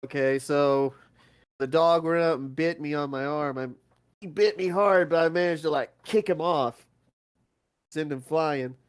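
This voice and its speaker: A man's voice: on the high side, a little slow, smooth. Wry man playing a tabletop game. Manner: wry, sarcastic asides. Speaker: player.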